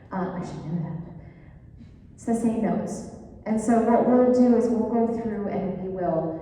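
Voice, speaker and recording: Woman lecturer, casual and enthusiastic; warm mellow tone, captured from a distance in a reverberant hall. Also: medium pitch, slight background noise. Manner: chatty, enthusiastic, with fillers. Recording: echoey hall, voice far from mic.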